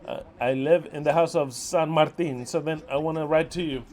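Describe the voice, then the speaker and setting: A man's voice: a little high, steady tone, normal speed. Profane exasperated man scolding followers. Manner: profane, exasperated scolding, swings from loud outbursts to muttering. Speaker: ministry leader.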